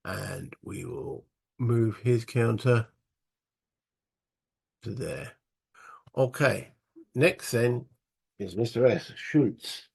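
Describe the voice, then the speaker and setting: Gravelly man talking through a board game. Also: medium pitch, very slow, pauses often, darkish tone. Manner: muttering rules aloud, thinking through moves. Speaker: solo board-game player. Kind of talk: casual solo wargame playthrough.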